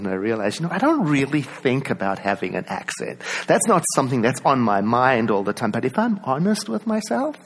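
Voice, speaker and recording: A man with a South African accent giving a reflective personal talk, conversational, with many asides and soft laughs. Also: medium pitch, gravelly, slightly rough. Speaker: speaker.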